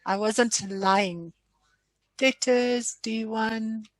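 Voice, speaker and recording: A woman trainer giving a casual screen-share software tutorial, chatty and self-deprecating with frequent apologies. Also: a little high, fairly even intonation, very slow, dry recording.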